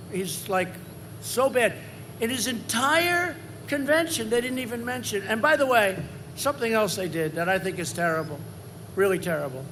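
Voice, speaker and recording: Older man, rally speech, bright tense voice, high-pitched, repetitive and rambling. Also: a little hiss or hum. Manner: repetitive, rambling, swings to loud emphasis. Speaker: politician at a rally. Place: large campaign rally.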